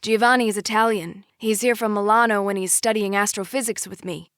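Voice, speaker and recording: A woman's voice: mid-range voice, steady tone, brisk, a bit bright, no room sound, clean studio sound, pitched above the performer's own voice, close to an everyday voice. A woman reading the lines of a protective young man, an easygoing older brother who turns firm about his sister, in an audiobook. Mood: nervous, eager. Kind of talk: audiobook character voice.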